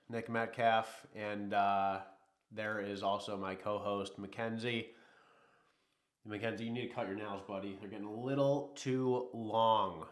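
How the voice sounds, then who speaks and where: A man hosting a livestream, chatting casually and rambling while a little sick. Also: medium pitch. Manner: rambling, easygoing, talks to chat. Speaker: livestream host.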